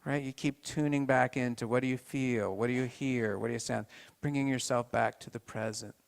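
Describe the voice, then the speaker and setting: A man with a mid-range, steady voice and vocal fry gives an informal health talk to a live group. He speaks haltingly, restarting often and turning to the audience with questions.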